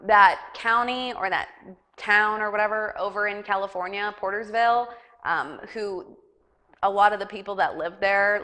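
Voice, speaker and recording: A woman's voice: medium pitch, sharp tone. A young woman hosting a casual news chat show, rambling and giggly, with lots of fillers. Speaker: talk show host.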